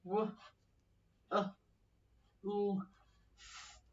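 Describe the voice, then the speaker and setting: A woman teaching an early-years phonics lesson in a slow, sing-song, encouraging way, acting out story lines as she goes. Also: fairly high pitch, distant mic, highs cut off.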